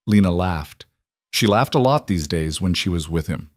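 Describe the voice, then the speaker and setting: Low-voiced man narrating a story. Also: animated, moderate pace, no room sound, clean studio sound.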